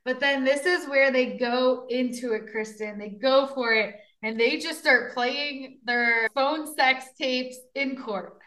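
A woman's voice: sits high, takes it slowly, few pauses, sharp tone. A woman co-hosting a podcast, casually recounting a true crime case with lots of fillers. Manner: chatty storyteller, frequent fillers and laughs.

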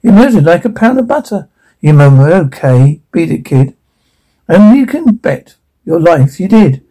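A man's voice: high-pitched, moderate pace, rough recording. A man playfully reading a rhyming fairy tale aloud to children. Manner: playful, expressive. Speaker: storyteller.

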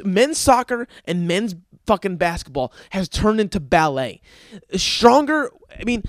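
A man's voice: high voice, dry recording. Profane, stammering man on a rant. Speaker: restaurant server. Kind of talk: ranting comedic monologue.

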